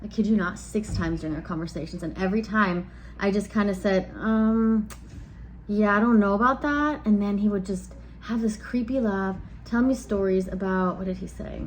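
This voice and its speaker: A woman's voice: medium pitch, fairly even intonation, a little fast, darkish tone, slight background noise. A woman in her thirties telling a dating story in casual vlog chat, frank and blunt, often losing her train of thought and circling back. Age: 30s. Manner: blunt and exasperated. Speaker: vlogger.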